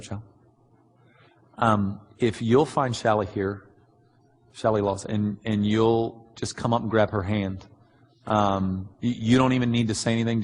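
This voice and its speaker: A man preaching a sermon, answering written questions earnestly and bluntly with many pauses. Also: on the low side, a little hiss or hum. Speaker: pastor. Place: large church hall. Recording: long hall reverb.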